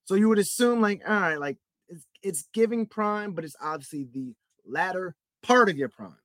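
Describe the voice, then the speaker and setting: Animated and a bit bright, this high-pitched young man talks at a moderate pace with no echo around him. Going solo on his sports podcast, he rants in a rambling, heated way, leaning hard on "like" and "bro" and saying things over again.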